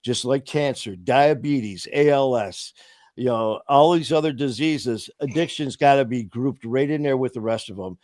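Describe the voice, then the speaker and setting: A man's voice: mid-range voice, moderate pace, darkish tone, no echo. Guy hosting a talk stream, fired up and rambly, lots of "you know", dry mic, no room sound. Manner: impassioned, rambling, heavy with "you know" fillers. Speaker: host of a recovery talk stream. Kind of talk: casual talk-show storytelling.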